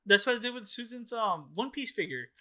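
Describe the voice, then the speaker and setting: With a crowd audible behind him, a young podcast co-host launches into a long, wandering story full of profanity and plenty of "like"s and "dude"s. His high-pitched voice is expressive, and his pace is a little fast.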